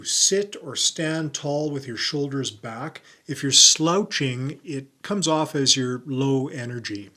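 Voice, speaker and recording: Bright-voiced man coaching on camera. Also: on the high side. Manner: clear, deliberate presenter delivery with stressed keywords. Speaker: YouTube coach and host. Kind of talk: on-camera tutorial.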